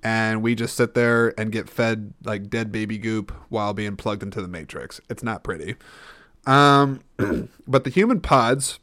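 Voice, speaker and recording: A man's voice: on the low side, measured pace, a bit bright, no room sound, clean studio sound. A man hosting a solo podcast, rambling and thinking aloud, often stopping and restarting. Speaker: podcast host. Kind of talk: casual solo podcast talk.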